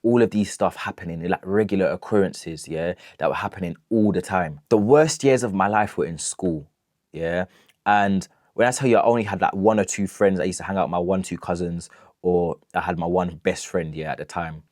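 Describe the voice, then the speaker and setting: A man's voice: low voice, moderate pace, darkish tone, no room sound, clean studio sound. A young man telling a storytime rant, emphatic, checking in with "yeah?" after nearly every phrase. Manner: emphatic, keeps asking "yeah?". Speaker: vlogger.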